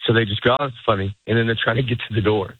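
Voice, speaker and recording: A man's voice: on the low side, flat delivery, racing, husky, no room sound. A middle-aged man, a stand-up comedian, chatting casually as an interview guest, rambling and breaking off mid-sentence to act out quotes. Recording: tinny phone-like radio sound.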